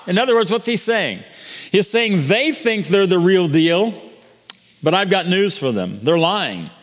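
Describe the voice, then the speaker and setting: Male pastor, higher voice, earnest sermon delivery with restarts, long hall reverb. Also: sing-song, measured pace. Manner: earnest preaching with frequent restarts and repetitions.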